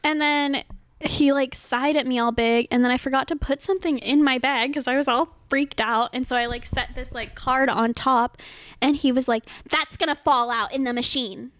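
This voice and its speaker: High-voiced young woman, animated storyteller. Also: moderate pace, dry recording. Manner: animated storyteller, acts out quotes, swears freely. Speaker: podcast co-host. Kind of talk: casual chat.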